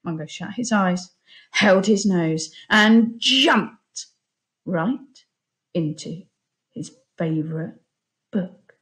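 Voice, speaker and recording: A woman who teaches primary school is reading aloud from a children's picture book. Her delivery is slow and expressive, the pitch lively, like a true storyteller.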